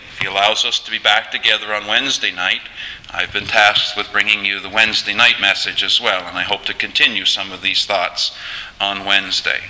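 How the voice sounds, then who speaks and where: A man preaching a sermon in a measured, earnest way, turning to address listeners directly. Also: lowish voice, bright, forceful tone, big-room sound, poor audio.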